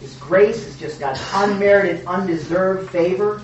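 A man co-hosting a casual Bible teaching, animated and joking, with emphatic rhetorical questions. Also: sits high, unhurried, lo-fi sound, a little hiss or hum. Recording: echoey room from a distance.

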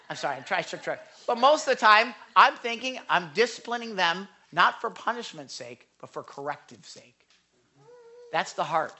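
A middle-aged man delivers an impassioned sermon in a bright, clear voice. His pleas climb high and urgent, then fall to a near hush. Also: big pitch swings, moderate pace. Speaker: pastor. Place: church without a microphone.

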